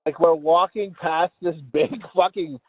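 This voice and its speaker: Here the same kind of crude, rambling podcast banter comes from a male host who swears and laughs often. His voice sits on the high side with fairly even intonation and an unhurried delivery, captured in a dry, tinny recording that sounds like a phone.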